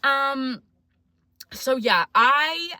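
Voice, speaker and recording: A woman's voice: sits high, expressive, very slow, pushed and bright, dry recording. A twenty-year-old woman with a New Zealand accent, talking in a chatty, self-mocking, jokey way in a casual confessional vlog. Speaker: vlogger.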